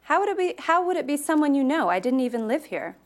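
A woman's voice: high-pitched, sing-song, fast talker, pitched above the performer's own voice. A bold, impish teenage girl, as a woman reads her aloud, breezy and teasing. She brushes off questions with easy confidence.

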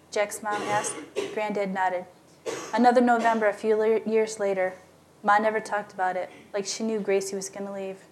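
A woman's voice: medium pitch, level tone, moderate pace, slight background noise. Woman reading a spooky story aloud. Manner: plain storytelling, voicing characters lightly. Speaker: narrator. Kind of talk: scripted narration.

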